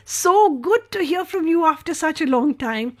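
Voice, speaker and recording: A woman hosting a radio music show, her voice pitched high and bright. She reads listener messages aloud and answers them in a gushing, chatty way, with plenty of fillers as she goes. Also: expressive, moderate pace. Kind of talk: reading listener messages on air.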